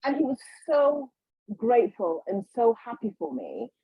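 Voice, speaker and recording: A woman guest, a healer, telling her story in a casual, animated way, acting out the voices of others. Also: a little high, unhurried, gravelly, breathy edge, dry recording, lo-fi sound. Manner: animated, acts out quotes, frequent restarts.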